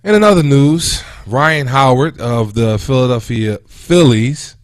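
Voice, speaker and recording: A man in his thirties hosting a casual talk show, venting in an animated, indignant way about an everyday run-in and then moving on to other topics. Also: a little slow, no room sound, studio quality. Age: 30s. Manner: animated and indignant, with pitch jumping when quoting and venting. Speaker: host. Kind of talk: casual talk radio monologue.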